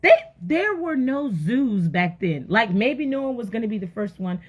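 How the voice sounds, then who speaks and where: A woman giving an energetic motivational sermon, firing rhetorical questions and breaking into sudden loud exclamations. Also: fairly high pitch, measured pace, slightly rough. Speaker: motivational faith speaker.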